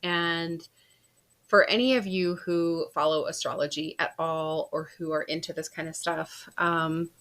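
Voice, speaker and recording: A woman's voice: deep voice, fairly even intonation, a little slow, fairly bright tone. A woman in her thirties, a podcast host, casually telling a personal story with frequent laughs and fillers. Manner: chatty, laughs often, lots of fillers.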